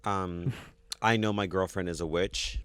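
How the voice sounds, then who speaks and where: A young man co-hosting a podcast in casual chat, with an expressive delivery full of gasps and exclamations. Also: measured pace, smooth, dry recording. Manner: expressive, gasps and laughs, swings up and down in pitch. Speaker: podcast co-host.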